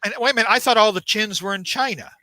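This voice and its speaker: A man's voice: high-pitched, rapid-fire, sharp tone, dry recording. A man co-hosting a podcast, chatting casually with joking, wry asides. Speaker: podcast co-host. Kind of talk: casual chat.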